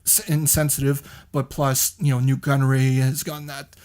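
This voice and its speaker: A man co-hosting a podcast, making his case in a measured, casual way with frequent hesitation fillers. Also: medium pitch, flat delivery, darkish tone. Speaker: podcast co-host.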